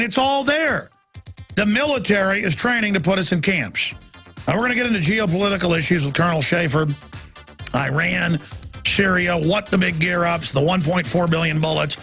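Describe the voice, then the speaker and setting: A male talk radio host rants in an indignant, emphatic monologue. His voice is fairly high, gravelly and raspy. Faint music plays behind him. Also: animated, brisk, sharp tone.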